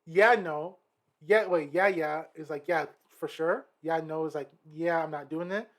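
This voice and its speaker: A man co-hosting a casual podcast, quizzing his friend in a lively, animated way. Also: a little high, unhurried. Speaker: podcast co-host. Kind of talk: casual chat.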